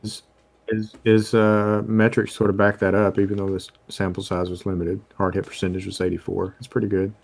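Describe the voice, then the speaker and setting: A man co-hosting a casual chat, measured and hesitant as he cites numbers. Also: deep voice, monotone, gravelly. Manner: measured, stat-citing, hesitant with fillers. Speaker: podcast co-host.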